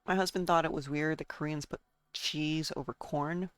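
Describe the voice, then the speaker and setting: A woman's voice: low-pitched, steady tone, moderate pace, clear, resonant tone, no room sound. A woman streaming a game and chatting casually, rambling from one thought to the next and talking to her chat and herself.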